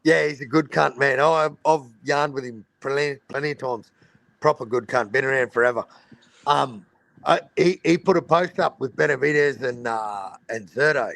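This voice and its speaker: A man's voice: mid-range voice, moderate pace, creaky, a bit bright, no echo. An Australian man hosting a casual boxing livestream over a video call, blunt and swearing freely in Aussie slang. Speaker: boxing talk show host.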